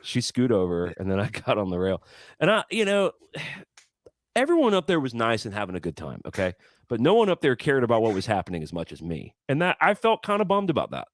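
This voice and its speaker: A man in a casual podcast chat, telling stories as a guest musician, animated and stumbling over repeated words as he talks. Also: mid-range voice, a little fast, dry recording.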